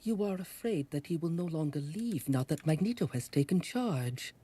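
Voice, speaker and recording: Grave, measured heroine. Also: female voice, sits low, animated, warm tone, husky. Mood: calm. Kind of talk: animated series dialogue. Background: music score.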